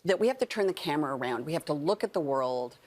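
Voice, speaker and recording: Earnest sixty-year-old woman, low voice. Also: lively intonation, quick pace, darkish tone. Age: 60s. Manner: earnest, emphatic, repeats key phrases. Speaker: guest actor and author. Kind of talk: television interview. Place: morning TV studio.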